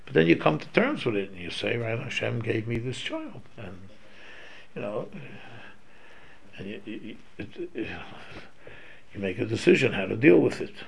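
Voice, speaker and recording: A man's voice: medium pitch, sing-song, normal speed, creaky, long pauses, slight background noise, low-quality recording. A man giving an informal religious lesson, talking it through conversationally and acting out quoted speech as he explains. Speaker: Torah class teacher.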